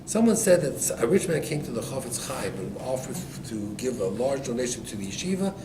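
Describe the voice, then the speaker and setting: A man, a rabbi, giving an animated storytelling Torah class to listeners. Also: medium pitch, fairly quick. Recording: echoey room, distant mic, background noise.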